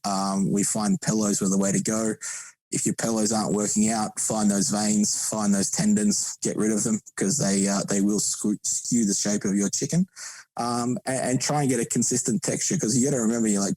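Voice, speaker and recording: A man's voice: on the low side, warm tone, no room sound, poor audio. A man chatting casually as a podcast guest, rambling with frequent restarts. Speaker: podcast guest, barbecue competitor.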